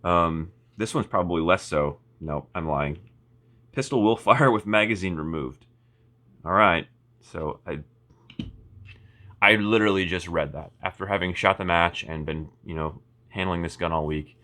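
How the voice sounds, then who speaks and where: A man's voice: deep voice, steady tone, moderate pace, sharp tone. A man giving a casual, rambling product review, full of fillers, restarts and wry asides. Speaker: firearms reviewer.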